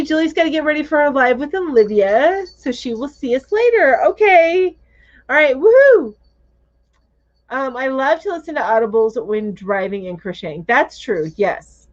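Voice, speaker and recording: Woman, crochet livestream host, chatty, animated voice, dull lo-fi audio. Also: high-pitched. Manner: chatty, thinks aloud, laughs easily. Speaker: host of a crochet live chat. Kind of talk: casual livestream chat, reading viewer comments aloud.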